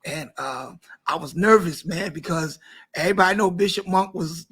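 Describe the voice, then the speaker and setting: Give me a pastor hosting a lively online talk show. He's a man with a high, ringing voice and a sharp, forward tone. He introduces guests with enthusiastic praise and casual slang. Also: normal speed, husky.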